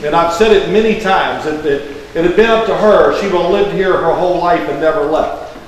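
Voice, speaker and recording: A man in his sixties speaks with a Kentucky accent, rambling through folksy, joking stories as the guest of honor. He sits a bit high for a man, and he sounds distant from the mic. His voice rings through a large, echoey hall with a long reverb tail. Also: fairly quick, slight background noise. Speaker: guest of honor giving a speech. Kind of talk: public speech.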